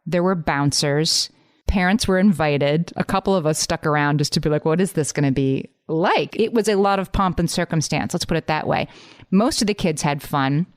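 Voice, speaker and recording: A woman with a low, smooth, resonant voice co-hosting a podcast, musing in a wry, thoughtful way. The sound is close and dry, with no room around it. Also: moderate pace, dry recording. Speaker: podcast co-host. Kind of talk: casual chat.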